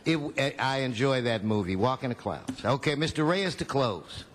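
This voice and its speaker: Joking man chairing a council meeting. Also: medium pitch. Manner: relaxed, joking, brisk procedural. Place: city council chamber.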